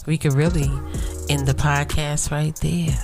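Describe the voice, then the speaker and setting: A woman's voice: low-pitched, flat delivery, measured pace, creaky, music in the background. A woman hosting her own podcast in a chatty, affirming way, often asking her listeners "right?", sounding tired. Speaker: podcast host. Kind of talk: casual solo podcast talk.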